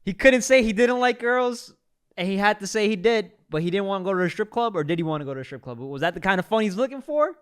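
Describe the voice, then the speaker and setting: A man hosting a reaction video, giving casual commentary in an excitable, teasing, slangy way. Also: high voice, quick pace, clear, resonant tone. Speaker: reaction host.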